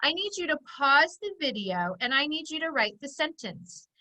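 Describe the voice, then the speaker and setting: A woman phonics teacher giving an online lesson, dictating sentences slowly and clearly for young children. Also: high-pitched, big pitch swings, pushed and bright, rough recording. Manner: slow, clear dictation, stretching words out for children.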